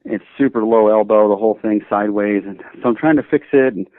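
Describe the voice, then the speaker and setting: Animated man telling stories over a tinny line. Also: on the low side, fast talker, no room sound. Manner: animated, acts out both sides of the dialogue. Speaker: guest, shooting instructor. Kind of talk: casual anecdote storytelling. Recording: dry, tinny phone-like audio.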